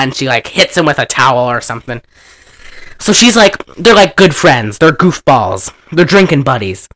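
A man casually retelling an old film, animated and profane, laughing often and acting out the characters' lines. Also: fairly high pitch, normal speed. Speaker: movie recapper.

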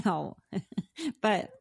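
A woman's voice: medium pitch, lively intonation, extremely slow, creaky, darkish tone, husky, no echo, studio quality. A woman in her thirties co-hosting a casual podcast, rambling with plenty of filler words. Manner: rambling, laughs easily, lots of filler words. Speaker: podcast co-host. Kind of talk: casual chat.

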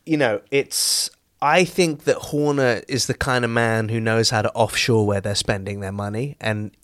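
A man co-hosting a motorsport podcast, chatting casually and joking, putting on quick voices for people he quotes. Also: medium pitch, steady tone, fairly bright tone, no echo, clean studio sound. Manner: jokey, puts on quoted voices. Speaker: podcast co-host. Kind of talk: casual chat.

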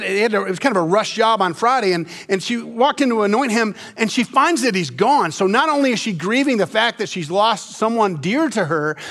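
A man pastor giving a conversational sermon, often restarting his sentences and dropping soft and low at tender moments.

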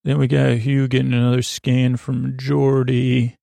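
A man's voice: mid-range voice, completely flat delivery, measured pace, gravelly, warm tone, no echo. A man hosting a sleep podcast, retelling a story in a meandering, casual way full of fillers and asides. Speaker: podcast host.

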